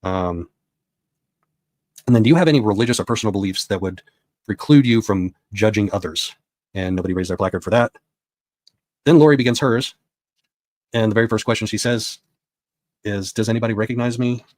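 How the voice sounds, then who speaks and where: A man's voice: lowish voice, a little fast, long pauses, darkish tone, no room sound. A man giving a casual spoken recap of a court session as a reporter, retelling what was said with quoted dialogue.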